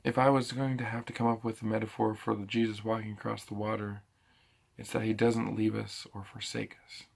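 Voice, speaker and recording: Gravelly low-voiced man teaching scripture. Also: little pitch movement, a little fast. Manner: thinking aloud with frequent restarts. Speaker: preacher. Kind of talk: casual bible teaching.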